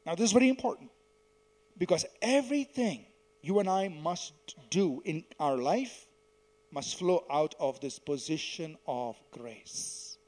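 A man preaching a sermon, teaching verse by verse and asking the congregation to repeat lines after him, swelling loud on key words and dropping soft at the ends. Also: a little high, expressive, measured pace.

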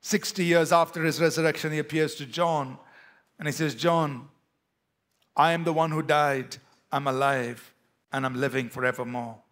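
A pastor with an Indian English accent, preaching a sermon to a church with emphatic, rising and falling delivery. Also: male voice, on the high side, steady tone, normal speed, fairly bright tone.

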